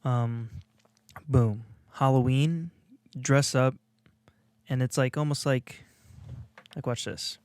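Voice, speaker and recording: He's a podcast co-host from Illinois, talking slowly with long pauses in a smooth, darkish, medium-pitched voice. The chat is casual and meandering, packed with fillers and restarts, and his video podcast studio mic picks up no echo.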